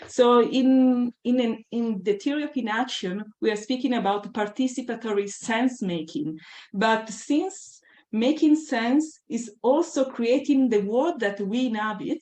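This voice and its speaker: A woman's voice: on the high side, dark tone. Woman lecturing in an echoey room. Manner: thoughtful, deliberate, emphatic on key ideas. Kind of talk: academic lecture. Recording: roomy echo.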